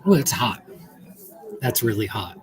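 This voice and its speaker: A man's voice: on the low side, big pitch swings, unhurried. A man hosting a casual livestream from a busy coffee shop, chatty and playful as he reads questions aloud. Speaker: livestream host. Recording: noisy coffee shop crowd. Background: loud crowd chatter.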